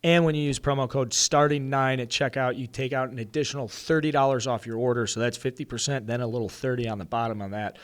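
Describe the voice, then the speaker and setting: Excitable rambling male podcast host. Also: medium pitch, fast, hardly any pauses, clean tone. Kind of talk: casual sports podcast chat with ad read.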